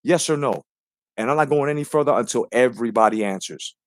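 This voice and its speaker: A man's voice: medium pitch, fast talker, dry recording, clean studio sound. A man hosting a live stream, ranting brashly and profanely while greeting viewers in the chat.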